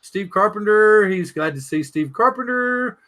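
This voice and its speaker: Southern male host, high bright voice, jokey rambling live-stream delivery. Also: expressive, measured pace. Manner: rambling, joking, reads chat aloud. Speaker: podcast host.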